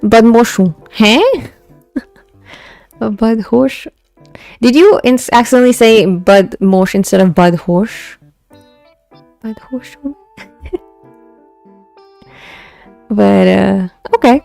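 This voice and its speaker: A woman's voice: medium pitch, steady tone, normal speed, creaky, pauses often, warm tone, no echo, soft background music. A young woman with an Indian English accent streaming live, chatting casually and mixing English with Hindi, full of restarts. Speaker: VTuber streamer. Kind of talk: casual live-stream chat about fan poetry.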